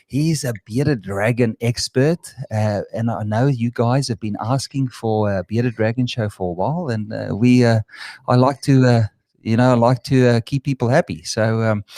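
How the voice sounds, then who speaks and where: A man's voice: mid-range voice, normal speed, darkish tone, dry recording, clean studio sound. An Australian man hosting a live online Q&A, chatting casually with lots of fillers and restarts. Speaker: show host.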